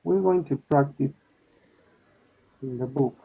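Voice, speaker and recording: Gravelly slow-talking male teacher, tinny line. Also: mid-range voice. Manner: slow, repeats with "okay?" and "no?" checks. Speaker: English teacher. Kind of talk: online class instruction.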